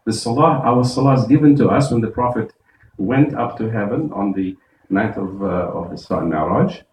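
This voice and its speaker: A man, an imam, giving a Friday sermon, explaining verses step by step and reciting Arabic quickly. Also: fairly low pitch, darkish tone, reverberant, distant mic, lo-fi sound, a little hiss or hum. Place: mosque prayer hall.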